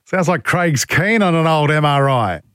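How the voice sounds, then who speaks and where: Joking radio host, bright-pitched man. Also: animated, moderate pace, clean tone, no echo, studio quality. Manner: joking, self-mocking, reads listener texts aloud. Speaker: radio talk show host. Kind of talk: casual talkback radio chat. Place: radio studio.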